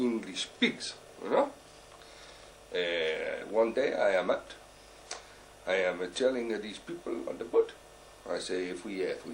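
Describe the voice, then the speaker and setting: In this stand-up character piece, a comic storyteller voices a boastful, bumbling deep sea diver who rambles in halting, broken English full of "uh" and "you know." His lively pitch rises and dips throughout, over a faint background hiss.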